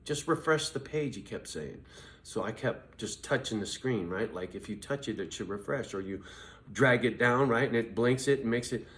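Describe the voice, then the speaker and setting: A man's voice: on the low side, moderate pace. A man vlogging in a casual, profane, rambling storytelling monologue, confessing and acting out both sides of his phone calls. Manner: acts out both sides of conversations.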